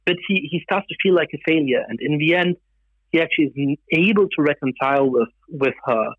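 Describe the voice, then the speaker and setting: A man who grew up in Germany, a guest giving thoughtful, measured interview answers with some fillers. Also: on the high side, breathy edge, no echo, narrow, tinny audio.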